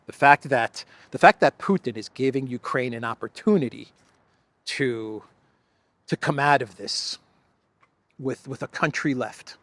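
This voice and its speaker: Sarcastic gravelly man mocking politicians. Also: mid-range voice, fairly bright tone, no echo. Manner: mocking, laughs often, acts out quotes in silly voices. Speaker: political commentary host. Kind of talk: sarcastic solo commentary.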